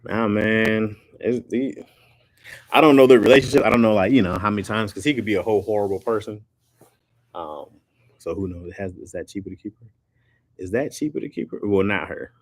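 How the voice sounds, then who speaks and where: Deep gravelly man chatting live. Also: a little fast, no room sound. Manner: loose and joking, slangy, often laughing. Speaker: live-stream host. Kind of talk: casual live-stream chat, reacting to viewer comments.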